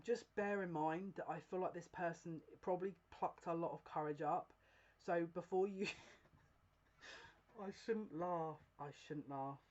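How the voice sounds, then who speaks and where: A woman giving a casual psychic reading to her viewers. She speaks in a confiding, direct way and keeps breaking into giggles, with halting restarts. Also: lowish voice, a little mellow, highs cut off. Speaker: psychic reader. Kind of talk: casual tarot-style general reading to camera.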